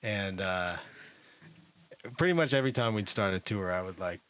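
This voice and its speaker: Lowish bright-voiced man telling a rambling story. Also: expressive, moderate pace. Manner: rambling, many "like" fillers, drops to a mutter. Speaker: podcast host, comedian. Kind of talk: casual storytelling chat.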